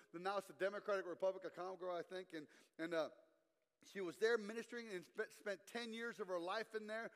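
A man, a guest preacher telling a story in an animated sermon. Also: high voice. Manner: animated storytelling preacher, asks the crowd to respond. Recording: long reverb in a hall.

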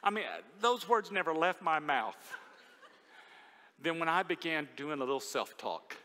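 Male pastor, fairly high and bright, animated storytelling sermon, big reverberant church hall. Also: measured pace. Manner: animated storytelling, swinging between loud and hushed. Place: church sanctuary. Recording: long reverb of a large hall.

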